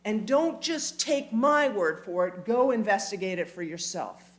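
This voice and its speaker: A woman giving an animated, emphatic community talk, with quick asides, in a church hall. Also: medium pitch. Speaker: speaker.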